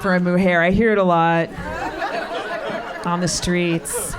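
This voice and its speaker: On a club stage, a middle-aged female comic does stand-up with crowd work, teasing in a dry and profane manner. She speaks at a measured pace in a lowish, level-toned voice, with the audience laughing throughout the live recording.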